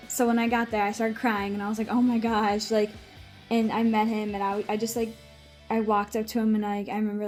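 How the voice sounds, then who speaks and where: A woman's voice: mid-range voice, a little mellow. A young woman telling a story in a casual vlog, gushing and using many "like"s. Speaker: vlogger.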